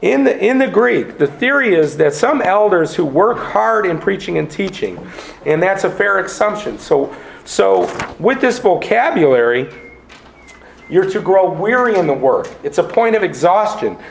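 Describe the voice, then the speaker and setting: A middle-aged man preaching with earnest emphasis, circling back over his words as he drives each point home. His voice sits a little high for a man and carries a gravelly edge. The sound rings in an echoey church hall. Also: very animated, moderate pace, slight background noise. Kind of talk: sermon. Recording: echoey room.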